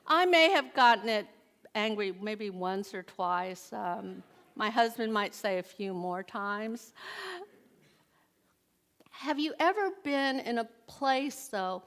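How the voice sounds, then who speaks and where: Middle-aged woman, church speaker: slow, unhurried sermon delivery, talks with the congregation and asks them questions. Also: on the high side, fairly bright tone. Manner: conversational, asks the audience questions. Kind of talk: inspirational sermon.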